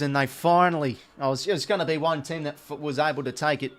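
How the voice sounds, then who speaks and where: An Australian man hosting a live watch-along, calling the play as it happens, getting excited on big plays and chatting to his viewers in between. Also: on the high side, fast. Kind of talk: live play-by-play commentary over a match.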